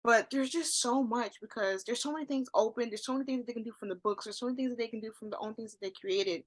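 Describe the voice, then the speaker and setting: A woman co-hosting a casual TV review podcast, excitable, with sudden loud outbursts and lots of fillers. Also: on the high side, fast talker. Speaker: podcast co-host. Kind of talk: casual chat reviewing a TV show.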